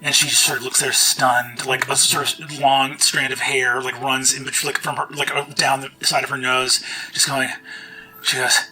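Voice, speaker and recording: Animated, bright-voiced game master. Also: male voice, mid-range voice, normal speed, a little hiss or hum, low-quality recording. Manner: animated, laughing narration. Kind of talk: narrating a tabletop game.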